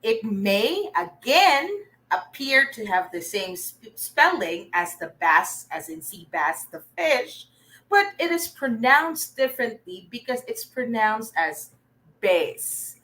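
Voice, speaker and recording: A woman's voice: a little high, sing-song, slow pace, bright, forceful tone, rough recording. A Filipino woman teaching an online reading lesson, encouraging and often checking in with her learners. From Philippines.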